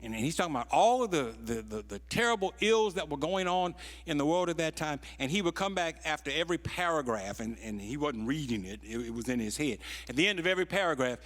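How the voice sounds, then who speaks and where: A man in his sixties preaching a storytelling sermon, dropping to hushed tones and then rising to loud peaks, drawing out key phrases slowly. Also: a little high, animated. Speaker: pastor.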